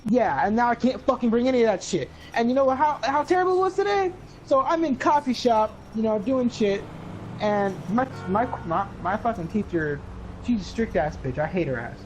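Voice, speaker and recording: A man's voice: very high voice, lively intonation, a little fast, soft background music, rough recording. Rambling, foul-mouthed teenage boy. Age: teens. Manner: rambling, profane, quotes others in raised voices. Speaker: storyteller. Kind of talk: casual chat.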